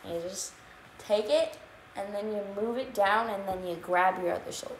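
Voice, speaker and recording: A woman's voice: mid-range voice, moderate pace. A woman co-hosting a storytime, chiming in with short playful remarks. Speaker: co-host. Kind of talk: casual banter during storytime. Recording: echoey room with clear background noise.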